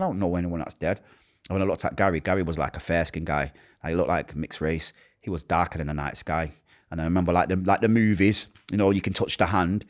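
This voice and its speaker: A man with a Manchester accent telling a painful personal story in an interview, acting out what others said and dropping to a hush at the hardest moments. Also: low-pitched. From Manchester, England. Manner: acts out quoted voices, drops to a hush at painful moments.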